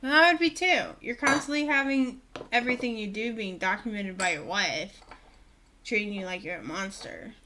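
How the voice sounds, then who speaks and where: A woman's voice: medium pitch, moderate pace, noisy background. A young adult woman vlogging her opinions to camera, chatty and indignant, with sarcastic asides.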